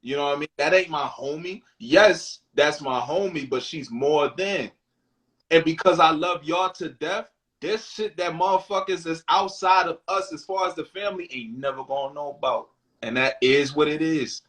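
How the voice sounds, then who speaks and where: A man's voice: a little high, normal speed, fairly bright tone, poor audio. A man co-hosting a candid talk show, speaking bluntly and emphatically, swearing freely and reading out viewer questions. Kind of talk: candid casual chat.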